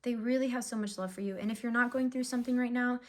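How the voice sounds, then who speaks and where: A woman's voice: a little high, fairly even intonation, fast. Young woman, tarot reader, casual and emotional, filler words, frequent sighs. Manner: chatty, emotional, filler-heavy, sighs often. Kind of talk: casual tarot reading to camera.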